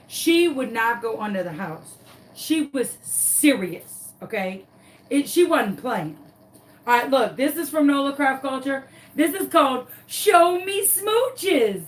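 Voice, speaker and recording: A woman's voice: sits high, big pitch swings, takes it slowly, far from the mic, rough recording. A woman, a crafting vlogger telling a dramatic story while she works on a craft tutorial.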